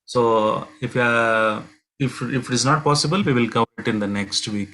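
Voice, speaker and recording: A man leads a devotional lesson as a pilgrimage guide. He speaks in a halting way, full of fillers and restarts, as he tells the stories. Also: medium pitch, sharp tone, poor audio.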